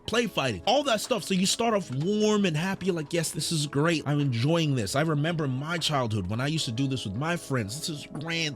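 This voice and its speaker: A young man reviewing an anime film with loud, dramatic outbursts and shouting, talking as an excitable streamer. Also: a little high.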